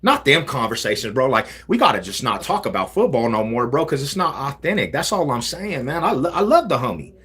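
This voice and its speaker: A man hosting a casual livestream, talking in animated street slang. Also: mid-range voice, brisk, few pauses, breathy edge. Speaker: livestream host.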